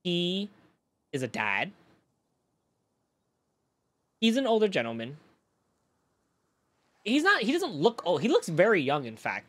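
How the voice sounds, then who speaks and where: Brief: a streamer man, lively swinging pitch, casual and profane, keeps drifting off-topic to answer chat. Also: moderate pace. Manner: rambling, profane, reacting to chat mid-story.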